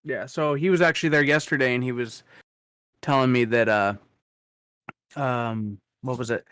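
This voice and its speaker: A man in his thirties co-hosting a podcast, relaxed and rambling, with lots of "like". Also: mid-range voice, normal speed, clean tone. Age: 30s. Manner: relaxed, rambling, full of "like" fillers. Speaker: podcast co-host. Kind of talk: casual chat.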